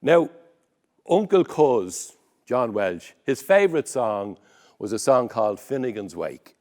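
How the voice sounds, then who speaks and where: Wry Dublin storyteller. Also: male voice, mid-range voice, expressive, takes it slowly, a little mellow. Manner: wry, conversational. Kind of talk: comic storytelling performance.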